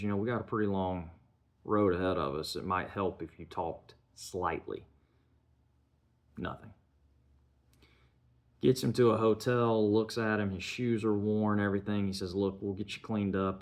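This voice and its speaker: Low-voiced guy recapping a movie plot, chatty and loose, lots of "you know". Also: steady tone, moderate pace. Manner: loose retelling with many "you know" and "kinda" fillers. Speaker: film reviewer. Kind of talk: casual film plot recap.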